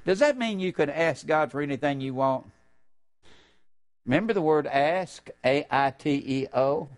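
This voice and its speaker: An older male preacher delivers a fervent sermon in a slightly raised voice. He stretches key phrases slowly, then breaks into sudden loud, high bursts. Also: lively intonation.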